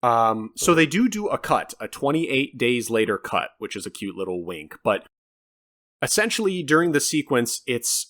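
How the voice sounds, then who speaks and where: A man co-hosting a podcast, chatting casually about a film in an animated, rambling way with some swearing. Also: fairly low pitch. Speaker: podcast co-host. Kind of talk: casual film review chat.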